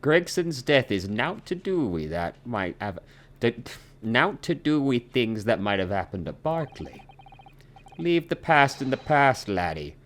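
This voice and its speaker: A man's voice: medium pitch, sing-song, a little slow, fairly bright tone, voice pushed up. A man voicing a brusque male prison governor in a put-on Scottish accent, while reading game dialogue aloud. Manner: brusque, dialect-heavy, dismissive.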